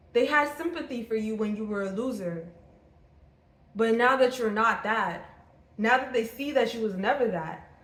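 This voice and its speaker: A woman giving an intuitive tarot reading, blunt and profane, circling back and repeating her points. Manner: acts out the other person's thoughts in a lower, quieter voice. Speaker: tarot reader. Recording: roomy echo.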